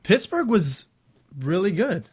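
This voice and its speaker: Male co-host, easygoing, chuckles often, slightly high voice. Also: big pitch swings, slow, slightly rough. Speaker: podcast co-host. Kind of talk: casual chat.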